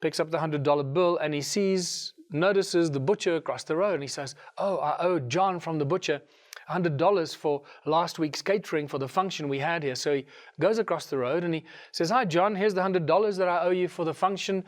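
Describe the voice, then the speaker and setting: A middle-aged man with a South African accent telling a story in a lively way and giving the characters their own voices. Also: a little high, a little fast. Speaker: speaker. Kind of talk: storytelling talk.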